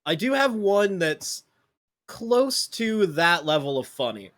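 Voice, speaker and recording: A man's voice: high-pitched, very animated, takes it slowly, fairly bright tone. A man co-hosting a podcast, chatting casually and reacting with short exclamations. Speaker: podcast co-host. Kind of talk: casual chat.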